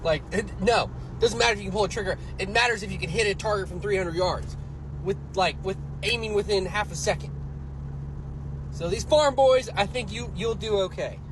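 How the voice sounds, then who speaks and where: High-voiced man ranting outdoors. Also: a little fast. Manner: rambling, repeats himself. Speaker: vlogger. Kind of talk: casual rant. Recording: noisy outdoor street sound.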